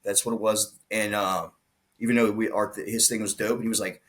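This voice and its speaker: A man's voice: lowish voice, brisk. A man, a podcast guest, telling his story in casual conversation, acting out the lines of the people in it. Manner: animated retelling, acts out quoted dialogue, frequent restarts.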